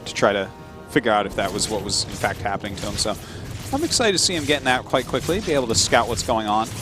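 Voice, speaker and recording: Deep-voiced caster with dry wit. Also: male voice, lively intonation, over music. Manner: dry, wry jokes and quick analysis. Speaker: esports commentator. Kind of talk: live game commentary with banter.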